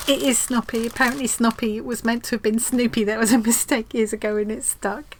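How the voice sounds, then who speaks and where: A woman vlogger chatting casually at home as she opens a craft swap parcel, gushing and excitable, with frequent restarts. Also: on the high side, a little fast, hardly any pauses, a little hiss or hum, poor audio. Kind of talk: casual unboxing chat.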